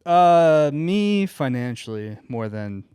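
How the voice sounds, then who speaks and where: A man's voice: a little high, very animated, slow, a little mellow, smooth, no echo. A man co-hosting a podcast, wisecracking and teasing his partner in casual banter. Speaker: podcast co-host.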